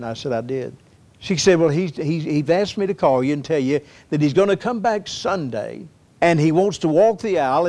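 A preacher man delivers a sermon to a church congregation. His voice sits a little high, and he repeats his words as he tells a story. He builds steadily into fervent, pleading appeals. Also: darkish tone. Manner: earnest storytelling with frequent repetitions, rising into fervent appeals. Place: church sanctuary.

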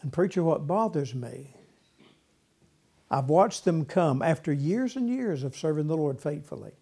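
A man's voice: fairly high pitch, expressive, unhurried, mellow, slightly rough. A man preaching a sermon in a folksy way, repeating words and acting out whiny voices, with a congregation answering. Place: church with congregation responding.

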